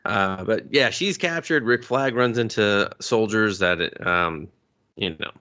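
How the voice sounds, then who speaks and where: A man co-hosting a podcast, recapping a film in casual, profane chat and jumping up high in pitch for jokes. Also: takes it slowly, bright, forceful tone, highs cut off. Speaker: podcast co-host. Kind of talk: casual movie review chat.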